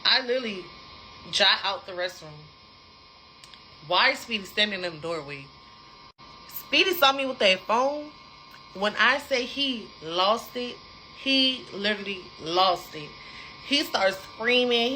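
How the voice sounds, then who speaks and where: A young adult woman casually telling a personal story to her viewers, animated and repetitive, talking straight to the audience. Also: medium pitch, a little slow, pauses often, slight background noise, poor audio.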